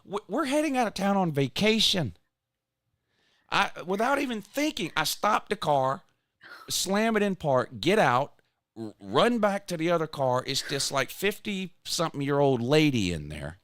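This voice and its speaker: A man in his forties tells a story on a casual chat show. His voice jumps around a lot, moving from loud outbursts to low mumbles as he mocks himself. The sound is dry and close. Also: moderate pace, dry recording. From Georgia, US. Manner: animated, self-mocking, swings from loud outburst to mumbling. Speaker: podcast host.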